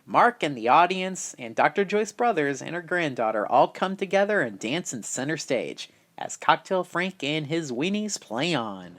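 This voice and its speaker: A man narrating a storybook in a plain, low-key reading. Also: very animated, moderate pace, hardly any pauses, fairly bright tone.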